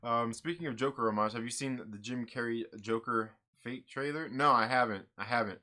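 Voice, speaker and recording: A man's voice: medium pitch, fairly quick, sharp tone. A man hosting a comic book channel, chatting casually and answering viewer comments in an upbeat, rambling way with lots of fillers.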